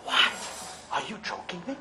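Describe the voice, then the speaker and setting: A man playing a distraught grown son who is exasperated and bursts into shouts. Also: moderate pace, loud music behind the voice, lightly acted. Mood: outraged. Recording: roomy echo with faint ambience.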